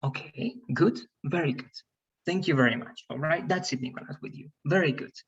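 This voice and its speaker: Husky man teaching an online class. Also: on the high side, a little fast. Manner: coaxing, repeats "all right" and "right". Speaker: English teacher. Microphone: video call. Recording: dull, lo-fi video call audio.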